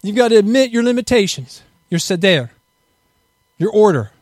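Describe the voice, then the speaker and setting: A man's voice: sits high, animated, normal speed, a little mellow, no echo. A middle-aged man preaching a fervent sermon and leading prayer, rising to impassioned peaks and using Hebrew terms.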